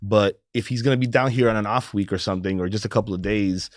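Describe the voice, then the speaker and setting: Fast-talking low-voiced podcast co-host. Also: male voice, no room sound, studio quality. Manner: fast, eager, enthusiastic suggestions. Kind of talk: casual podcast chat.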